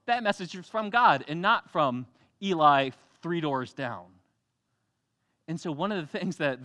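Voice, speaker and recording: A young adult man preaching a sermon in a church, telling the story with animated energy, acting out voices and laughing often. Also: a little high. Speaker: pastor.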